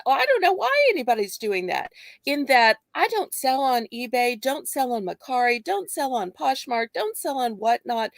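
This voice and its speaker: Female guest, bright high voice with lots of swing, polite and chatty, dry close sound. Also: no room sound. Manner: polite, explaining at length. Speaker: guest reseller. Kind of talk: casual livestream chat.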